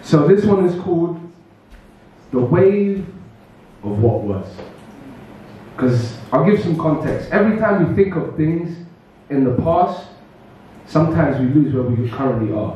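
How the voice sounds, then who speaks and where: A man performing spoken word poetry at an open mic, with a measured, rhythmic delivery and casual asides between pieces, recorded from far off in an echoey room. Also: fairly high pitch, animated, dark tone, a little hiss or hum. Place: open mic event venue. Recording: echoey room, distant and muffled.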